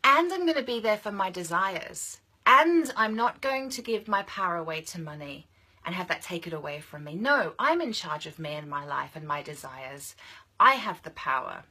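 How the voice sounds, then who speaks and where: Passionate, husky-voiced woman coach. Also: medium pitch, sharp tone. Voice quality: passionate, emphatic, repeats phrases for force. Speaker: women's business coach. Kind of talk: motivational monologue to camera.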